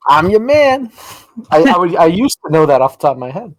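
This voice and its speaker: A man's voice: on the high side, sing-song, racing. A man co-hosting a podcast in casual chat, joking and laughing often. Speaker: podcast co-host.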